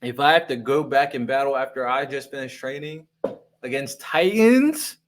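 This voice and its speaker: A man's voice: mid-range voice, animated, moderate pace. A young man hosting a casual manga reaction, reading panels aloud, stumbling over words and adding his own commentary.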